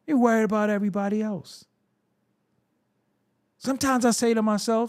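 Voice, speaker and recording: A man's voice: high-pitched, moderate pace, creaky, pauses often, darkish tone. A man hosting a solo hip-hop commentary show, talking bluntly and profanely, with a confrontational, preaching manner. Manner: repetitive, preaching.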